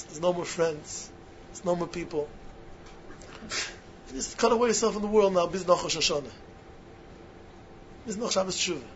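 A man with giving a sermon-style talk to yeshiva students, emphatic and repetitive, swinging between loud stresses and hushed asides, on a muffled lo-fi recording. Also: high-pitched. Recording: muffled lo-fi recording with faint hiss.

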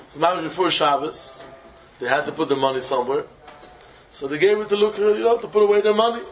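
A man teaching a Talmud passage and telling a story in an animated way, slipping Hebrew and terms into his English. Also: fairly high pitch, a little hiss or hum. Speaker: Torah teacher. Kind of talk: Talmudic discourse with a told story.

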